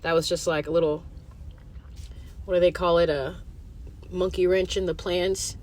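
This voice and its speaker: A woman with a slightly low voice runs her podcast solo, chatting loosely with plenty of "like" and "um." She swears freely and drifts from point to point. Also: fairly even intonation, moderate pace, a little mellow, slight background noise. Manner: rambling and profane, full of fillers. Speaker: podcast host. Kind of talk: casual solo monologue.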